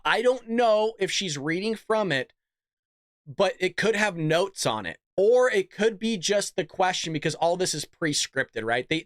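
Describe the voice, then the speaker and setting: A man's voice: a little high, fairly bright tone, dry recording, clean studio sound. A man hosting a political commentary podcast, talking in a sarcastic, mocking, chatty way. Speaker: podcast host.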